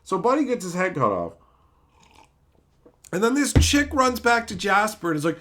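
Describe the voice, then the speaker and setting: Male streamer, casual rant, lively swooping pitch, swearing, mocking impressions. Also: moderate pace, pauses often. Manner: profane, animated ranting with mocking put-on voices. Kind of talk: casual chat.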